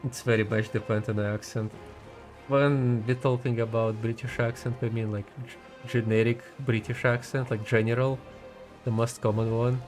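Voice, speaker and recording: A man's voice: mid-range voice, flat delivery, moderate pace, a little mellow, faint music behind. A man giving casual gaming commentary as a streamer, chatty and giggly, rambling as he talks.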